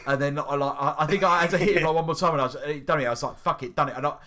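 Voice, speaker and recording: A man from Britain co-hosting a casual chat about video games, excitable, laughing often and swearing freely. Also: a little high, racing. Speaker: podcast co-host.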